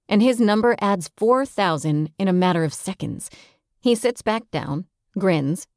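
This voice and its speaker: A woman reading a first-person novel aloud in a wry, expressive way, close to the mic. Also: on the low side, no room sound. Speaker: audiobook narrator. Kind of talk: first-person audiobook narration.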